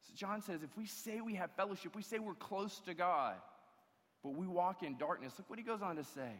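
A man's voice: sits high, a little fast. A man preaching a sermon as pastor, emphatic and given to repeated restarts. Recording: long hall reverb.

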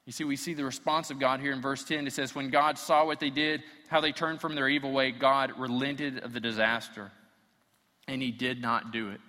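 A man's voice: mid-range voice, little pitch movement, normal speed, bright, forceful tone, big-room sound. A man preaching a sermon, reading scripture aloud and acting out the quotes as his intensity builds. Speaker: pastor.

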